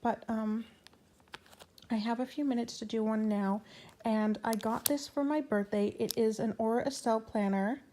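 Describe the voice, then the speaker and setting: Chatty woman with a mellow, higher voice. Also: steady tone, moderate pace, a little hiss or hum. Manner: chatty, rambling with fillers and restarts. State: out of breath and hiccuping. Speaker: planner vlogger. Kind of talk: casual chat.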